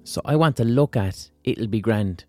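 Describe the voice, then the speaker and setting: A man's voice: mid-range voice, animated, moderate pace, mellow, no echo, soft background music. An Irish man hosting a podcast, talking through a casual monologue in a blunt, wry way with frequent swearing. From Ireland. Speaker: podcast host.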